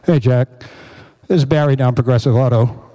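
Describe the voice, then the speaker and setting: A man's voice: mid-range voice, normal speed, dark tone, voice pushed down, close to an everyday voice, poor audio. A man voicing a chatty auto repair shop worker who rambles on a phone message. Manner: rambling, over-sharing.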